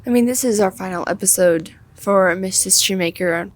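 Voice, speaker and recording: A teenage girl co-hosting a student podcast in loud, excitable casual chat, laughing often. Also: mid-range voice, normal speed. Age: teens.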